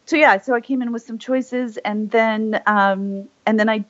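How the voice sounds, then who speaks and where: A woman's voice: a little high, fairly even intonation, measured pace. A woman voice actor chatting as an interview guest, rambling with many fillers and restarts. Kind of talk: casual interview chat. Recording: slightly muffled lo-fi audio.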